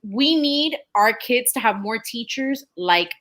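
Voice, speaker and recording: A woman co-hosting a podcast who makes her points with emphasis and counts them off in order. Her voice is bright and sharp. It sits a little high for a woman. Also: lively intonation, slow. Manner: emphatic, lays out points one by one. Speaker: podcast co-host. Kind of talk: casual chat.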